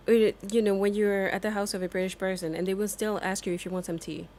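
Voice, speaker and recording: A woman's voice: mid-range voice, steady tone, brisk, a little mellow, a little hiss or hum. A woman chatting casually while she plays a game, talking freely, laughing often and swearing now and then. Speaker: game streamer. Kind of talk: casual gameplay commentary.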